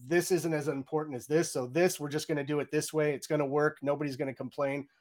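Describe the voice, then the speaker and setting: Middle-aged guy in an interview, chatty and excited, acts out what he said, bit high pitched. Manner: animated, acts out his own reactions in quotes; fast, chatty, many "you know"s and restarts. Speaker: game audio director. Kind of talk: candid interview storytelling.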